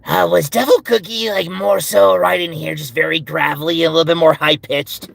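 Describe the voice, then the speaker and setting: A man's voice: a little high, fairly even intonation, moderate pace, creaky, a bit bright, no room sound. A male voice actor chatting casually with fans and answering their questions, slipping into character voices between answers. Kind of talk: casual livestream Q&A with impressions.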